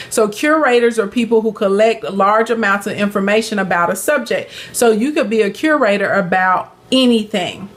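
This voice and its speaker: A woman with a Southern US accent hosting a casual live business Q&A, chatty and upbeat, greeting viewers by name and calling them honey. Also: medium pitch. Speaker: live-stream business coach.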